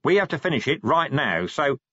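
A weary, gruff police commander, as a male narrator voices him, talking with dry sarcasm in a husky voice that moves a lot in pitch. The audiobook recording is dull and dry. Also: sing-song, a little fast, pushed and bright, no echo, full character voice. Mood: firm. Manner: dry, sardonic.

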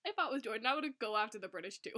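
A young woman co-hosting a podcast, reading a fan fiction aloud with lots of laughter and over-the-top excitement. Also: fairly high pitch, very fast. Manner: animated, laughs often, reads story lines with exaggerated excitement. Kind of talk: casual chat and dramatic reading.

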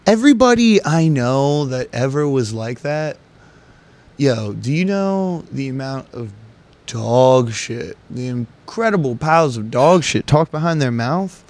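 A man's voice: medium pitch, lively intonation, unhurried, darkish tone. A man hosting a solo podcast, talking in a profane, rambling and joking way. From United States. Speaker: podcast host. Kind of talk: casual solo podcast monologue.

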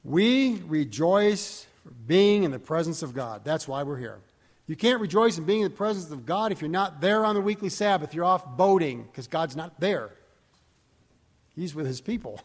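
Casting: man preaching, fairly high voice, long hall reverb, reads verses with lift. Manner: reads scripture aloud with rising emphasis, digresses and corrects himself. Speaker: pastor. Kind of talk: sermon.

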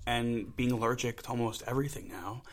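A young man co-hosting a casual podcast, telling a driving story with lively acted-out quotes. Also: medium pitch, fairly quick. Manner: animated storyteller, acts out shouted quotes. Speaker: podcast co-host. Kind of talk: casual chat.

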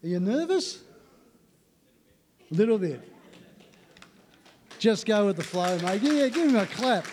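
A man's voice: high-pitched, sing-song, measured pace, long pauses, darkish tone, slight background noise. A man, a pastor, joking easily with the congregation before his sermon. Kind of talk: sermon introduction.

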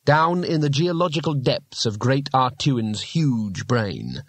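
A man reading a fantasy novel aloud as an audiobook narrator, in a measured storytelling manner. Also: mid-range voice, a bit bright, no room sound. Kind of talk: scripted narration.

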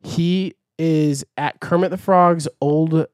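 A man's voice: fairly high pitch, fairly even intonation, slow pace, darkish tone, no echo, studio quality. A young man hosting a podcast, chatting in a rambling, giggly way. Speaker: podcast host. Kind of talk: casual chat.

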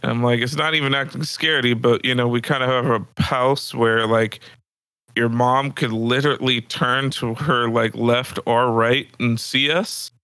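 A man's voice: medium pitch, fairly even intonation, normal speed, bright, forceful tone, clean tone, no echo. A man casually telling a story on a podcast from his apartment, laughing often and using crude slang. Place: apartment room.

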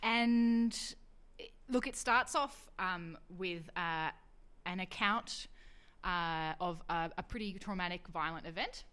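A woman on a book chat show, talking through a book with many pauses and restarts. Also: lowish voice, fairly bright tone, clear, resonant tone. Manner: hesitant, many ums and restarts. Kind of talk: casual radio chat.

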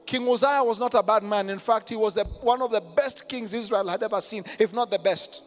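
A man preaching a sermon as a pastor, moving from loud declarations to hushed intensity and calling on the congregation to respond. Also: high voice, a little fast, hardly any pauses. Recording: long hall reverb with faint music behind.

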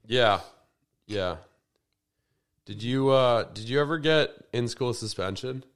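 A man's voice: mid-range voice, slow pace. A man co-hosting a podcast in laid-back, teasing casual chat. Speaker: podcast co-host.

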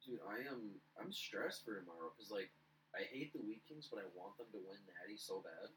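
A man's voice: fairly low pitch, animated, a little fast, fairly bright tone, slight background noise, rough recording. A young man co-hosting a casual podcast chat, talking in a blunt way and swearing freely. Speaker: podcast co-host, scorekeeper.

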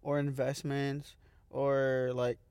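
A man's voice: medium pitch, completely flat delivery, slow pace, a little mellow, clean tone, no echo. A man in his twenties, a podcast guest, chatting in a playful, sassy way and laughing easily. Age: 20s. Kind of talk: casual chat.

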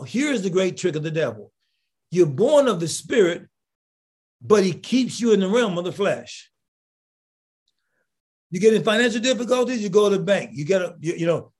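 A bishop preaching with fervor, asking the listeners rhetorical questions and bursting into shouted emphasis. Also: male voice, high-pitched. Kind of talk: impassioned preaching.

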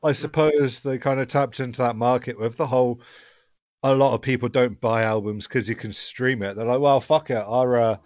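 Co-host, mid pitch, dry mic, jokey and sweary. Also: male voice, fairly even intonation, moderate pace, darkish tone, no room sound. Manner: joking, sweary. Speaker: podcast co-host. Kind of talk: casual chat.

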